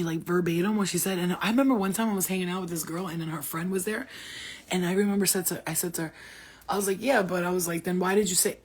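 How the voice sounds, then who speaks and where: A woman host telling stories on a casual livestream, blunt, profane and animated. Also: medium pitch, creaky, slightly rough. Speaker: host talking about spirit guides.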